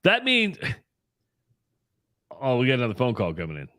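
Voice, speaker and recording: A man's voice: medium pitch, huge pitch swings, normal speed, bright, forceful tone, dry recording, clean studio sound. A man co-hosting a casual call-in radio show, chatty and laughing often as he tells stories.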